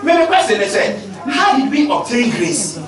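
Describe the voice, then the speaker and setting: A man with a Ghanaian accent preaching a sermon in an animated way, mixing two languages and calling for amens from the congregation. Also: very high-pitched, moderate pace, crowd noise. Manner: animated, switching between Twi and English, calling for amens. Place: church hall with congregation. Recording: echoey church hall from far off.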